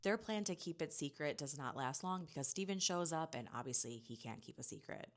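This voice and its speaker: A woman giving a casual, chatty recap of a TV episode, full of "like" and quick paraphrased asides from the characters. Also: deep voice, expressive. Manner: chatty, filler-heavy "like" storytelling. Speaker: TV recap host.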